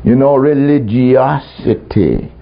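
A man's voice: medium pitch, takes it slowly, creaky. A man preaching a storytelling sermon who laughs often and acts out the voices he quotes. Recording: dull lo-fi recording, faint background.

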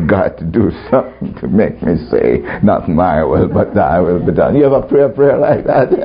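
Animated preacher man, dull lo-fi recording. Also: mid-range voice. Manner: laughs often, acts out quoted voices. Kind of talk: storytelling sermon. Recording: dull lo-fi recording, faint background.

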